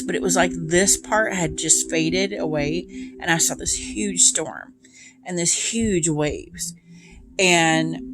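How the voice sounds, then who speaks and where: A woman tarot reader chatting casually to her viewers, full of ums and asides. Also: deep voice. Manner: chatty, many ums, speaks of feelings. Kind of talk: casual chat to camera.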